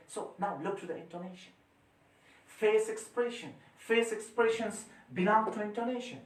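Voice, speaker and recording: A man lectures his students with forceful energy, swinging his voice up and down and repeating his points. He sounds a little distant from the microphone. The classroom around him rings with echo. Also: sits high, lively intonation, fairly quick. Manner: emphatic, repeats phrases, forceful rises and drops. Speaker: teacher. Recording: echoey room, mic far off.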